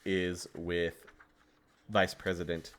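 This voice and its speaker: A man's voice: sits low, level tone, takes it slowly, fairly bright tone, clear, resonant tone. A man hosting a casual podcast, relaying game lore details between laughs. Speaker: game master and host.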